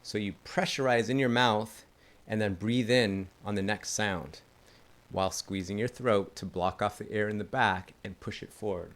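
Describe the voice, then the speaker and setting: A man with a fairly low, slightly bright voice and fairly even intonation talks at a moderate pace. The talk is a relaxed didgeridoo lesson in which he's enthusiastic, chats freely, and laughs off his own slips.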